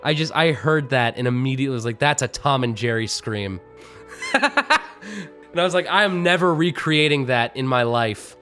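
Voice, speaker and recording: A man's voice: mid-range voice, moderate pace, pushed and bright, soft background music. A man chatting casually on a live stream about voice acting, rambling, joking at his own expense and breaking into laughter. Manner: rambling and self-mocking, bursts of laughter. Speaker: streamer and voice actor. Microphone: streaming microphone.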